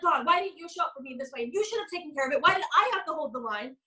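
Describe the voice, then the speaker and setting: A young woman coaching a live online group, telling stories in an animated way and acting out the people she quotes. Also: high-pitched, poor audio. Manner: fast, bubbly, animated storytelling with quoted voices. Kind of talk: live business coaching session.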